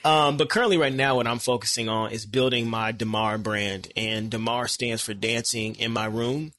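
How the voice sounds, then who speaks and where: Energetic, bright-voiced American man. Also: mid-range voice, moderate pace, no room sound, clean studio sound. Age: young adult. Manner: energetic, animated, laughs often, repeats words. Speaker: podcast guest. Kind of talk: casual conversational interview.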